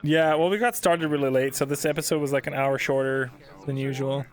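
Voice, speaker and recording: A man's voice: medium pitch, fairly even intonation, a little fast, faint music behind. A tired man streaming, chatting casually and joking around with frequent laughter after a role-play session. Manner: laughs often, joking, goofy. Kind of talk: casual post-session chat.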